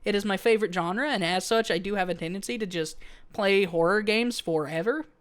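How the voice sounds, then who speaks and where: Lady streamer just chatting, lots of uhs and restarts, smooth clear voice. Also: medium pitch, a little fast. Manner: rambling, with many fillers and restarts; reads viewer comments aloud and answers them. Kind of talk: casual chat to a live stream.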